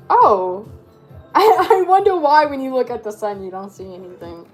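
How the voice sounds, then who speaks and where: A woman's voice: high voice, a little mellow. A woman vlogger chatting casually while she crafts, rambling and cutting herself off. She has a speech impediment and struggles to say her R's. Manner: rambling, chatty, self-interrupting.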